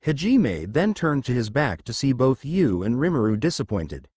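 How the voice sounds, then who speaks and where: A young man narrates a fan fiction story in a plain, steady voice. His pitch is animated and varied, and the recording is dry and close. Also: moderate pace, husky, dry recording.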